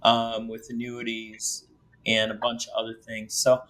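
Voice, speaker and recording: Male podcast host, bright tone, loose and jokey delivery. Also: mid-range voice, monotone, a little slow, rough recording. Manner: joking, rambling, teasing his co-host. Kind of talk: casual podcast chat.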